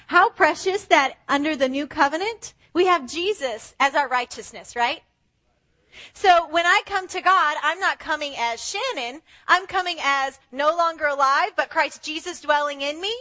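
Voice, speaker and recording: A woman preacher giving an animated sermon who acts out the voices of the people she quotes. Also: sits high, normal speed.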